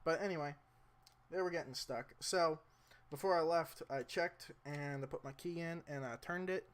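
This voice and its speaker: A man's voice: a little high, normal speed. A young man casually explaining a motorcycle repair in a rambling, self-deprecating way, talking to the camera mic as he works. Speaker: motorcycle vlogger. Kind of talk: casual how-to vlog.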